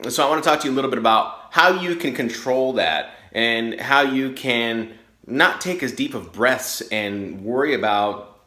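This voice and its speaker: A man with a bright, forward voice greets viewers in an upbeat, chatty way. He introduces the topic as a radio broadcaster and podcaster would. The room gives his voice a noticeable echo. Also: mid-range voice, normal speed. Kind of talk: video intro to camera. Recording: echoey room.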